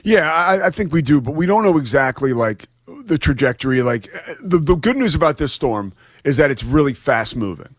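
This man, a guest sports commentator, talks about the games in a chatty, enthusiastic way and laughs easily. His fairly high voice is expressive and moves at a normal speed. It's studio-quality audio with no echo.

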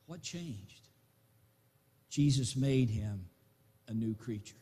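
A man preaching an impassioned sermon that swells into loud appeals. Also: mid-range voice, lively intonation, slow, long pauses, slightly rough. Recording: long reverb in a large hall.

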